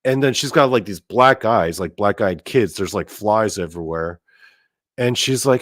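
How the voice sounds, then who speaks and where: A man's voice: medium pitch, animated, moderate pace, no room sound, clean studio sound. A man casually telling a story as host, rambling with lots of fillers and frequent swearing. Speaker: podcast host.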